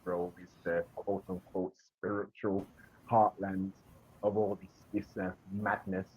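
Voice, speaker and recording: A man with a Birmingham accent, a guest in a casual chat, speaking in a measured, emphatic way. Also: sits low, little pitch movement, slightly rough. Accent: Birmingham English. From England. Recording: dull lo-fi call audio.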